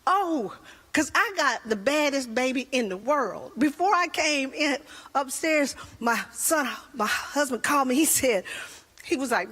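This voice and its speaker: High-voiced woman doing stand-up. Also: measured pace. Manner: animated storytelling with voices. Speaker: stand-up comedian. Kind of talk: stand-up comedy routine.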